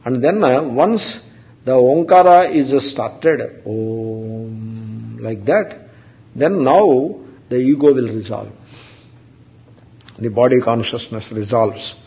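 A man giving a spiritual discourse as a teacher, speaking slowly with halting pauses and restarts and chanting Sanskrit terms. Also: mid-range voice. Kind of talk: Vedanta discourse. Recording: dull lo-fi recording.

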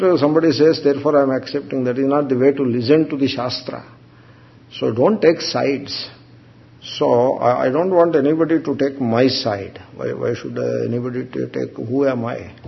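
A man giving a spiritual discourse as a teacher, speaking slowly with halting pauses and restarts and chanting Sanskrit terms. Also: fairly high pitch, gravelly. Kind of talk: Vedanta discourse. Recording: dull lo-fi recording.

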